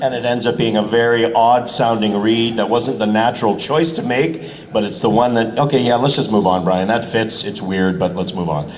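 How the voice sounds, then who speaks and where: A man's voice: on the low side, fairly even intonation, normal speed, hardly any pauses, long reverb tail. A man appearing as a voice actor guest on a convention panel, explaining dubbing and acting out line readings.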